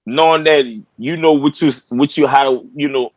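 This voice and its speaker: A man's voice: a little high, moderate pace, few pauses, dry recording, rough recording. A man hosting a podcast, talking profanely and loosely, retelling stories and laughing with his guest. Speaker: podcast host. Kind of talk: casual chat.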